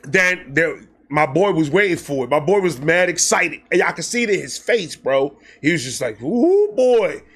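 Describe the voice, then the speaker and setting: Man, high voice, bright, excitable, profane, casual storytelling vlog. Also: moderate pace, slightly rough. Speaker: storyteller host.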